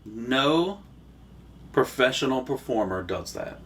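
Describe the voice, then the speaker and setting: A man co-hosting a podcast, talking in a relaxed, conversational way. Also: medium pitch, slow. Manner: relaxed, conversational, frequent agreeing. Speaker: podcast co-host. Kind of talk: casual podcast chat.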